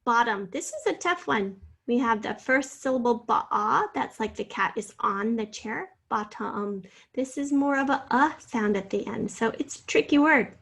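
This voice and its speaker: A woman's voice: on the high side, lively intonation, normal speed, hardly any pauses, a bit bright, slightly rough. A woman teacher going over a spelling test answer key, patiently sounding out letters and encouraging her students. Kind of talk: spelling lesson narration.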